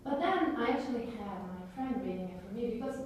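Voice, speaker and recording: A woman's voice: lively intonation, quick pace, a little mellow. A woman speaking English as a non-native speaker, talking animatedly with many fillers in a casual group discussion. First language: not English. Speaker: seminar participant. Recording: very echoey room, distant mic, faint rumble.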